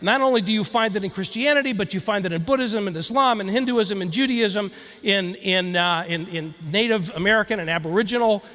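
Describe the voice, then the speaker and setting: High-voiced man telling a story on stage. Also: brisk. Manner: storytelling, animated, addresses audience directly. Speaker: keynote speaker. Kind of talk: motivational speech. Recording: long hall reverb.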